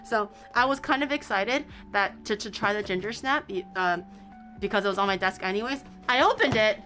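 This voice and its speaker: A woman's voice: mid-range voice, brisk, sharp tone, faint music behind. A young woman streaming, rambling casually about her day with swearing and laughs. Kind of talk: casual chat.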